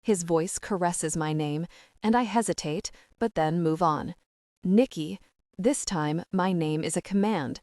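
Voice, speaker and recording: A woman narrating a first-person romance audiobook in a steady, even reading voice. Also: fairly low pitch, unhurried, dry recording, studio quality.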